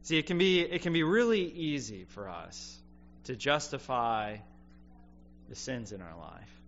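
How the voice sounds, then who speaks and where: A man delivers a sermon in an earnest, reflective manner, letting his voice sink low and quiet on key points. The recording is a bit dull and lo-fi, with a faint hum underneath. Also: lively intonation, measured pace. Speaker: preacher.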